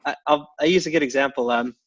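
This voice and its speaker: A middle-aged man talking casually as an interview guest, halting, with lots of restarts and fillers. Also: mid-range voice, no room sound, muffled recording. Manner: halting, many restarts and fillers, chuckles often. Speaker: guest, tech company CEO.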